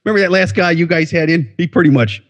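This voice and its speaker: A man's voice: fairly high pitch, fast talker. A man co-hosting a casual podcast, joking in a sarcastic manner. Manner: sarcastic, jokey. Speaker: podcast co-host. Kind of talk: casual chat.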